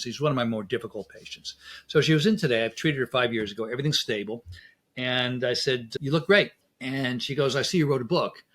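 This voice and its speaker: A husky man speaking as a dentist guest in a relaxed interview. He tells lively stories and acts out both sides of conversations, at an ordinary middle pitch. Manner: lively anecdotes, acts out dialogue. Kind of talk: casual interview storytelling.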